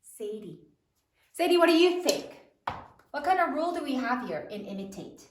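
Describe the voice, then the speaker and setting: A woman teacher dictating spelling words slowly and clearly, sounding each one out. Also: high-pitched, sing-song, slight background noise. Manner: slow, clearly enunciated word dictation. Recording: roomy, from a distance.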